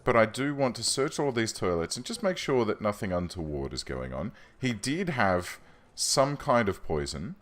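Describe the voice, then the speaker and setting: Deep-voiced guy narrating his game, rambly and jokey, voice swings up and down a lot. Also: very animated, normal speed, fairly bright tone. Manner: rambling and self-deprecating, many ums. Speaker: gaming channel host. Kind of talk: let's play commentary.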